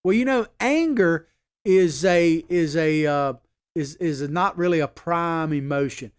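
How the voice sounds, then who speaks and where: Male talk-show host, high-pitched voice, emphatic, folksy political commentary. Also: measured pace, clear, resonant tone. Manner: emphatic, repeats points for stress; folksy asides and fillers.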